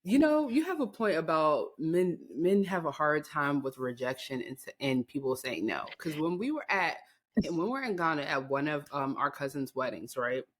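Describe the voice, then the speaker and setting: A young woman co-hosting a podcast, chatting casually with quick, teasing remarks and frequent laughter. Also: low voice, lively intonation. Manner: quick-witted, teasing interjections, laughs often. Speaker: podcast co-host. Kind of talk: casual chat.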